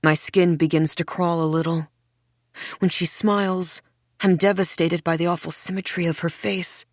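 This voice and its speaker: A woman reading a first-person mystery audiobook in a measured, hushed way. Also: fairly low pitch, fairly even intonation, no room sound, studio quality. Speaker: audiobook narrator. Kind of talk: scripted first-person narration.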